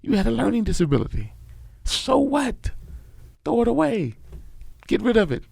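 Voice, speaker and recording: A man's voice: extremely high pitch, very animated, moderate pace, creaky, darkish tone, husky, no room sound. A middle-aged man, a podcast guest telling his life story in an emphatic, preachy way. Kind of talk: casual storytelling interview.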